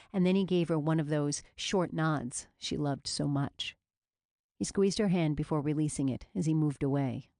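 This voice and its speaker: A woman with a low voice reading a romance audiobook. She tells the story in a measured, steady way. The recording is close and dry, with no room sound. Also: no room sound. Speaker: audiobook narrator. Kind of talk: scripted romance novel narration.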